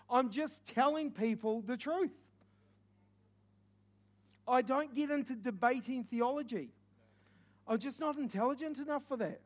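A young man with a New Zealand accent, preaching with stories, animated and joking, sometimes shouting. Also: very high voice, moderate pace, pauses often. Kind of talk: sermon with stories.

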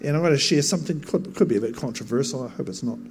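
A man's voice: medium pitch, animated, racing, a little mellow. A man preaching a sermon, telling a story earnestly and building to emphatic bursts.

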